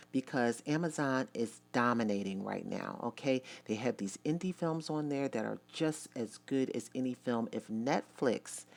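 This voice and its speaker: Very deep-voiced woman reviewing movies. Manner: chatty, addresses viewers directly; emphatic and opinionated. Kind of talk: casual vlog review.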